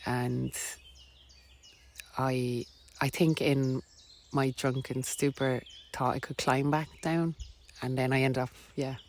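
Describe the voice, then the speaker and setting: A woman's voice: extremely low pitch, level tone, slow pace, a little hiss or hum. A woman with an Irish accent, a podcast guest telling a personal story in a rambling, filler-heavy way with frequent laughs. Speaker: podcast guest, wellness coach.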